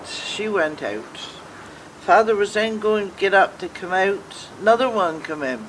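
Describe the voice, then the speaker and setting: A woman's voice: medium pitch, animated, a little slow, slight background noise, poor audio. Older woman telling jokes. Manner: homely storyteller, briefly voicing each character. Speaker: joke teller.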